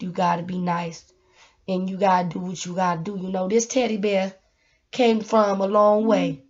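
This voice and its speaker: A woman giving a casual, rambling motivational talk, laughing often and swinging from loud to hushed. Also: medium pitch, fairly even intonation, unhurried, highs cut off. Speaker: motivational vlogger.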